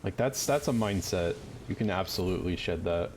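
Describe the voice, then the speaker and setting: A man's voice: low voice, lively intonation, brisk, darkish tone, a little hiss or hum. Joking man streaming a game. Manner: joking, profane, rambling asides. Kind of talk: casual gaming commentary.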